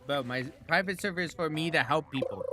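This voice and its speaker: A man's voice: a little high, brisk, over music. A man livestreaming a game, talking in a loose, slangy, casual way and bluntly addressing his viewers. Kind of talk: casual gaming stream chat.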